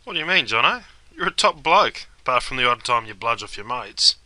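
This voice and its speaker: A man's voice: medium pitch, very animated, brisk, sharp tone, no echo, low-quality recording. A man playing a slang-spouting Aussie bloke. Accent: Australian. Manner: broad slang-laden banter. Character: laid-back Aussie bloke Bruce, slang-heavy mate. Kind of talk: scripted comedy sketch.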